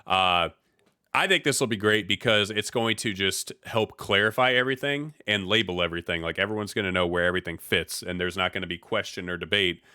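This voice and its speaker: A man's voice: deep voice, fairly quick, bright, forceful tone, clear, resonant tone, dry recording, studio quality. A man from the US Midwest hosting a podcast in casual chat, laid-back with slang and frequent restarts. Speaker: podcast host.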